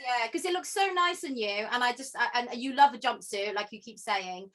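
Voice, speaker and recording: A woman host with a slightly raised pitch, asking questions in a relaxed, casual chat. She is encouraging and friendly, with many fillers. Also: fairly quick. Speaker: interviewer.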